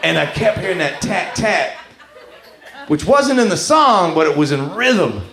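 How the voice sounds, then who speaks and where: High-voiced comic working a loud club. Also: male voice, unhurried. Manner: animated storytelling, profane, acts out characters. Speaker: stand-up comedian. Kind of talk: stand-up comedy set. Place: comedy club stage before a live crowd. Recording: echoey club room, loud crowd noise. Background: audience laughter.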